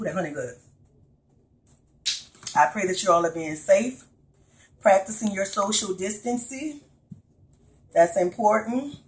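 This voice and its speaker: A woman's voice: medium pitch, low-quality recording. New orleans lady cooking at home, chatty, talks right to y'all. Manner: chatty, addresses viewers directly as "y'all". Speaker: cooking vlogger. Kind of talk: casual cooking video. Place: home kitchen.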